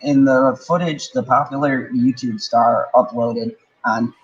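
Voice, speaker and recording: Slow-talking man reading news aloud. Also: mid-range voice, fairly even intonation. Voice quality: laughs while reading, crude asides. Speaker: podcast co-host. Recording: dull lo-fi sound.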